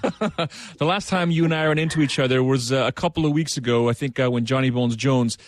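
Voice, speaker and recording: Fast-talking male sports radio host. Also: medium pitch, dry recording. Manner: energetic, filler-heavy.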